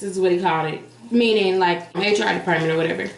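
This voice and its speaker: A woman vlogger telling a story in casual, animated chat, blunt and profane, talking straight to her viewers. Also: medium pitch, brisk, gravelly. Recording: echoey room with faint hiss.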